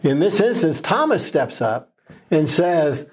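Earnest man, slightly high voice. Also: big pitch swings, unhurried, husky. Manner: earnest, emphatic, many ums and restarts. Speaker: podcast co-host. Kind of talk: casual Bible discussion.

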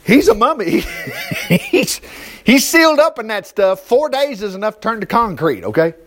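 A preacher, teaching a Bible passage in a chatty sermon full of rhetorical questions. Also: male voice, high voice, wildly swooping pitch, normal speed, a bit bright.

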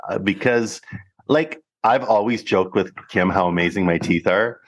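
A man's voice: on the low side, moderate pace, breathy edge. A man in his fifties co-hosting a podcast, chatting casually and joking playfully, with some swearing. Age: 50s. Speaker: podcast co-host. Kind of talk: casual chat.

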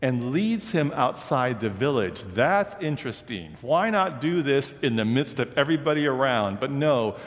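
A man's voice: mid-range voice, lively intonation, moderate pace, few pauses. A middle-aged male pastor preaching a sermon in a conversational, storytelling way, often checking in with the congregation. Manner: conversational storytelling, frequent "right?" and asides. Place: large church sanctuary. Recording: long church reverb.

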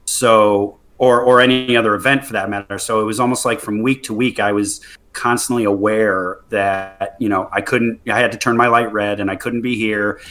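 A man's voice: lowish voice, fairly bright tone. A man in casual podcast chat about a mobile strategy game, rambling with many fillers and restarts.

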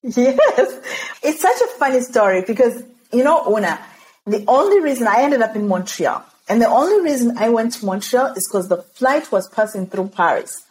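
A woman from Zimbabwe, a podcast guest, telling her story in an animated way and laughing often. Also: a little high, normal speed, low-quality recording.

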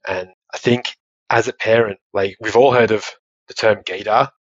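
A man, a father telling stories as a podcast guest, animated and quick to laugh. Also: fairly low pitch, no room sound, muffled recording. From Australia. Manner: animated storytelling, laughs often, many restarts. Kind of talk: casual interview chat.

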